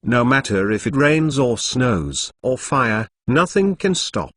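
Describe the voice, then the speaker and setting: A male narrator voicing a gentle mother near death who speaks in a tender, comforting way. The voice is mid-range with a lively pitch, and the sound is close and dry. It comes from an audiobook-style story. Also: takes it slowly, dry recording, heavily acted.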